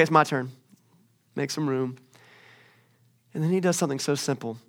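A young adult man preaching a sermon as a story, swinging from loud, excited bursts to hushed scripture reading. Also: mid-range voice.

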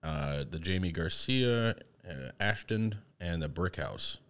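A man's voice: low voice, expressive, a little slow, a bit bright, clean tone. A man co-hosting a podcast in easygoing casual chat, often adding "like" and "right?". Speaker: podcast co-host.

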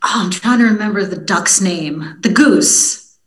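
A woman, a TV news reporter, chatting as a podcast guest and telling stories in a lively, self-deprecating way. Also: medium pitch, measured pace, rough recording. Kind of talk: casual podcast interview.

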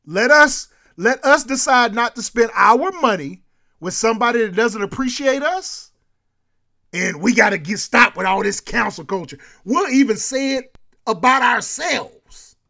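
A man with a high voice talking through sports and culture in a loose, casual way. He is animated, laughs easily and circles back over his own words as he makes a point. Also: a little slow, creaky. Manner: animated, laughs often, repeats himself when making a point. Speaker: podcast co-host.

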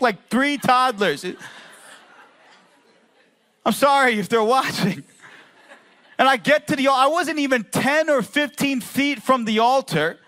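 A man's voice: extremely high pitch, pushed and bright. A young man giving an earnest testimony as a preacher, telling his story with dry, self-mocking asides. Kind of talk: testimony sermon.

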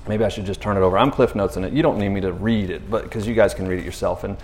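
A man preaching casually, retelling scripture in an animated way with laughing asides. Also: lowish voice, racing. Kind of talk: casual sermon.

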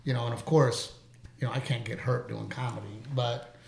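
A man hosting a casual interview chat as a comedian, telling stories with lively asides. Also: mid-range voice, moderate pace, vocal fry, slight background noise. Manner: animated storyteller, quotes people in put-on voices. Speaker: podcast host and comedian. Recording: roomy echo.

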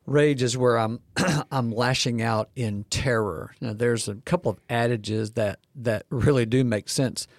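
Male podcast co-host, mid-pitched, talks in stories with restarts, dry studio sound. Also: a little slow, hardly any pauses, no echo. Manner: storytelling, frequent restarts. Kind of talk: podcast discussion.

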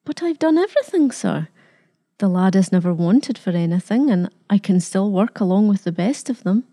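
A woman's voice: medium pitch, animated, normal speed, warm tone, natural voice. A woman voicing a proud, fiercely loving old grandmother who talks defiantly, her voice trembling as she pleads. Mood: pleading.

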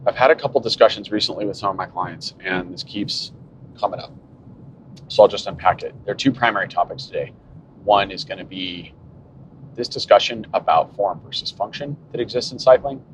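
A man in his fifties hosts a solo cycling podcast from his car. He muses aloud in a wry, sarcastic way. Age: 50s. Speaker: cycling podcast host and coach. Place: in a moving car. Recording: muffled car recording with road rumble.

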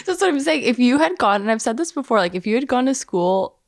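A woman's voice: fairly high pitch, lively intonation, quick pace, no echo. Chatty woman podcast co-host, dry close sound. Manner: chatty, laughs often, explains at length. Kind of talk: casual chat.

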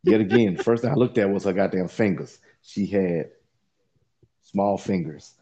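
A man's voice: low-pitched, moderate pace, mellow, highs cut off. A man telling an embarrassing story in a casual podcast chat, rambling with lots of fillers and swearing.

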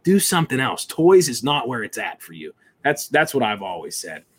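Animated man telling stories. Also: medium pitch, moderate pace. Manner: animated, self-deprecating, rambling with restarts. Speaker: guest, toy collector. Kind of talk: casual interview storytelling.

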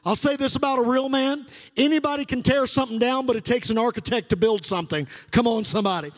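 A high-voiced male pastor preaches a sermon fast in a church sanctuary, using fervent call-and-response. The recording carries the long reverb of a large hall.

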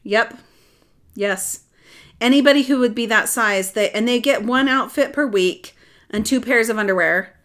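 A middle-aged woman telling a personal story in casual chat, animated and rambling, with restarts. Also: fairly high pitch, normal speed. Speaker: adoptive mother telling her story.

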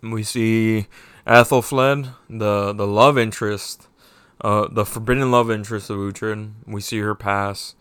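A man's voice: lowish voice, fairly even intonation, a little slow, fairly bright tone, smooth, no room sound. A man giving a casual, rambling spoken review of a TV season, swearing often and getting heated. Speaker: show reviewer.

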